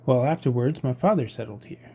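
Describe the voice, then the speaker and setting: A man's voice: mid-range voice, lively intonation, a little fast, warm tone, a little hiss or hum, lightly acted. A man voicing a fussy, polite young male squirrel in a storybook reading, chattering eagerly and scolding.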